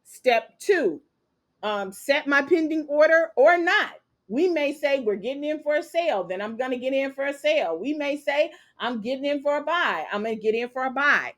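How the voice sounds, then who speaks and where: Female trading teacher, upbeat and fairly high-pitched, live online lesson, keeps asking "okay?". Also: fairly bright tone. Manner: brisk, checks in with "okay?" and "capiche?". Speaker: trading instructor.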